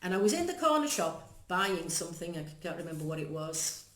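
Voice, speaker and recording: A woman's voice: lowish voice, big pitch swings, fairly quick, a bit bright. Chatty Zambian-born woman in her sixties. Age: 60s. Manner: earnest, chatty, laughs often. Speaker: guest. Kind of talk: casual chat. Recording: echoey room.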